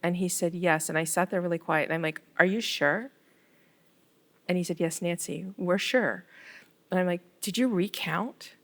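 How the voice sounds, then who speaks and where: A middle-aged woman from Canada, a ward councillor in a casual interview, telling stories in an animated way and acting out the dialogue. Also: fairly low pitch, normal speed. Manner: animated storyteller, acts out quoted dialogue.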